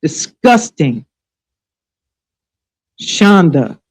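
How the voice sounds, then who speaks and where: A woman's voice: low-pitched, big pitch swings, drawn-out words, husky, low-quality recording. Furious, profane woman ranting live. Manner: angry, profane, sarcastic; scolding, rhetorical questions. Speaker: livestream show host.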